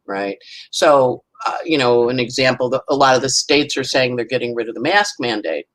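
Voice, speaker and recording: A woman's voice: a bass voice, normal speed, fairly bright tone, poor audio. A woman astrologer, a guest, chatting casually through a weekly forecast and acting out little voices and sounds as she goes.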